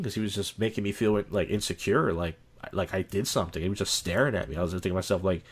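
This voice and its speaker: A young man with a somewhat low voice, talking casually on a podcast. He rambles, restarts his sentences and acts out little bits of dialogue as he goes. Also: fast, few pauses, husky. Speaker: podcast guest. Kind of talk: casual chat.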